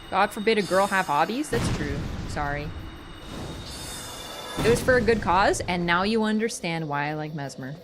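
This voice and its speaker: A woman's voice: on the low side, lively intonation, moderate pace, over music. A young woman livestreaming a game, chatting casually with a sarcastic, playful and teasing manner. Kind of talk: casual gaming livestream chat.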